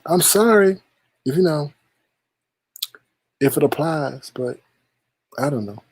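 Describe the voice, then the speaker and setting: A man's voice: on the high side, expressive, slow, pauses often, slightly rough, no room sound. A man hosting a livestream, teasing and shady as he reads viewer chat aloud and gives gossip commentary. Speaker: livestream host reading chat.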